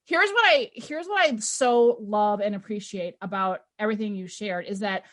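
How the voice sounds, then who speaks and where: A woman's voice: medium pitch, moderate pace, fairly bright tone. A woman hosting a podcast as a leadership coach, speaking in an emphatic, affirming way. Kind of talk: conversational interview.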